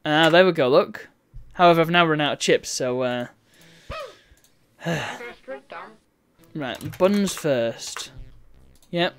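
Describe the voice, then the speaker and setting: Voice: mid-range voice, unhurried, pauses often, faint music behind. A game streamer giving chatty, wry let's-play commentary and reading on-screen text aloud.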